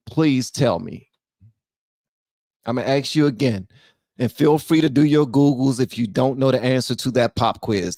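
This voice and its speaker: Animated man hosting a dry-sounding livestream. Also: medium pitch, no echo. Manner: casual, animated, repeats phrases. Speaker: host. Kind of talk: livestream reaction commentary.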